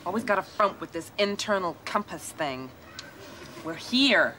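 A brash, teasing niece. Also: female voice, fairly low pitch, expressive, measured pace, pushed and bright. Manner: teasing, forthright. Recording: noisy old TV audio.

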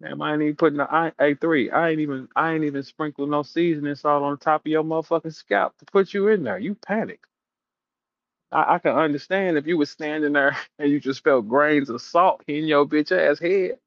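A man's voice: a little high, brisk, no room sound, lo-fi sound. A man hosting a battle rap audio room, telling stories and taunting a rival in a profane, casual rant. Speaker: battle rap show host.

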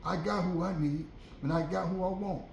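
A man preaching a sermon in a repetitive rhythmic cadence, swinging from loud, impassioned shouts down to hushed, low-spoken passages. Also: fairly even intonation, normal speed, gravelly, a little hiss or hum. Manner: impassioned, rising to shouts then dropping to hushed. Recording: echoey room.

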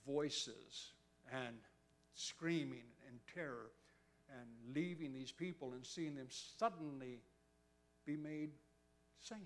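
A man preaching a sermon, telling a story and acting out the voices of the people in it. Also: a little high. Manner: animated, acts out quotes with a raised excited voice. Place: church.

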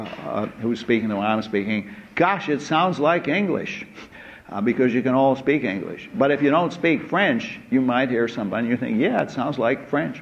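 A man giving a university lecture in a hall, unhurried and full of "uh" hesitations and asides. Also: medium pitch. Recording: dull lo-fi lecture recording with faint noise.

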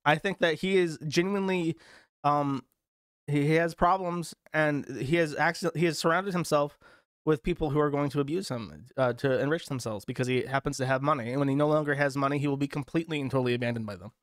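A man's voice: on the high side, fairly even intonation, fast, dry recording, clean studio sound. A man hosting a show, ranting over video clips in an exasperated, profane way. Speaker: host.

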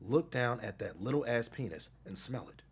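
A man impersonating a smug, husky relationship guru. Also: mid-range voice, lively intonation, moderate pace. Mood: mocking. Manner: condescending, mocking, drops to a hushed whisper. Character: smug, insulting middle-aged male relationship consultant. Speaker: stream host. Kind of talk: comedic impression on a live stream.

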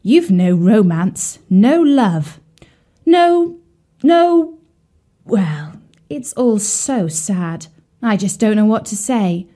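A woman voicing a gentle, romantic female swan in a children's storybook, who sighs and draws her words out sentimentally. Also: mid-range voice, sing-song, heavily acted. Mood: tender. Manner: sighing, sentimental, drawn-out.

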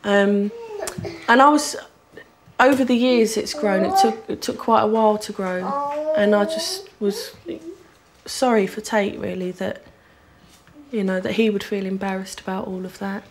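A woman answering interview questions in a hesitant way, with pauses and fillers. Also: mid-range voice.

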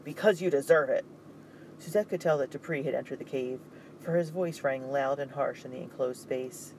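A man narrating an audiobook in a steady, suspenseful reading. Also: mid-range voice, moderate pace, slight background noise, poor audio.

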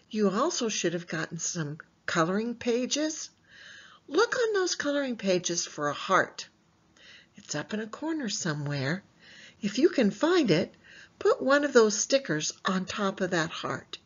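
A woman teaching a Bible lesson to young children in an animated way, asking them questions and answering them herself. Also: mid-range voice, a little slow, breathy edge, lo-fi sound.

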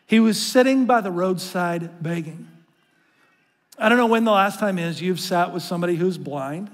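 A male pastor with a notably high voice preaches in an earnest, conversational way, often stumbling and restarting as he goes. He draws the congregation in and calls them to read aloud with him. His words ring out with a long reverb through a large church hall. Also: moderate pace. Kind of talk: sermon. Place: church sanctuary.

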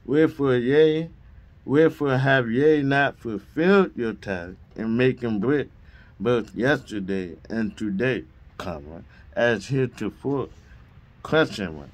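Slow deliberate man reading scripture. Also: medium pitch. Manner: reads punctuation marks aloud, deliberate; occasional stumbles and restarts. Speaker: Bible reader.

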